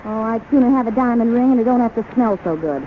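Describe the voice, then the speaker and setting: A woman's voice: a little high, lively intonation, fast, a little hiss or hum, natural voice. A woman playing a bossy, scheming young wife in a radio comedy sketch, pushy and wisecracking, on a tinny 1930s broadcast. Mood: coy.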